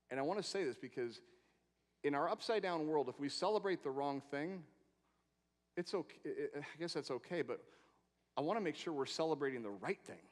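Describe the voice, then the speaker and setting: A man preaching a sermon, swinging between loud emphatic proclamations and quiet asides, with rhetorical questions and long lists. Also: fairly high pitch. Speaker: pastor. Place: church sanctuary. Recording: long hall reverb in a church.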